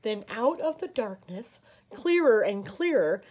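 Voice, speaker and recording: An American woman reading a picture book aloud at a library story time, slow and expressive. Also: fairly high pitch. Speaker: children's librarian.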